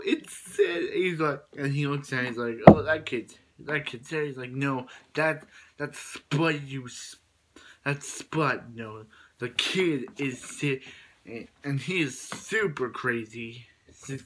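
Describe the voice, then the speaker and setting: A man casually retelling a movie plot as a reviewer, rambling with many restarts and quick quoted lines. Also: mid-range voice, fairly bright tone, slight background noise, rough recording.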